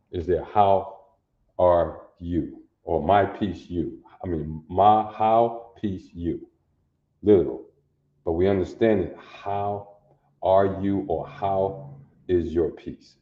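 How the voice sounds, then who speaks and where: A man teaching a language lesson, explaining word by word, repeating himself and often checking that listeners follow. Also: low-pitched. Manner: slow, repetitive, checks understanding often. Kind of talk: classroom lesson. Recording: dull lo-fi audio in an echoey room.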